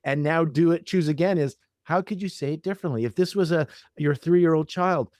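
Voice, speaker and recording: A man's voice: on the high side, brisk, a little mellow, dry recording, studio quality. A man hosting a podcast interview, reflecting on and building on his guest's ideas. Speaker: podcast host. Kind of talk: interview conversation.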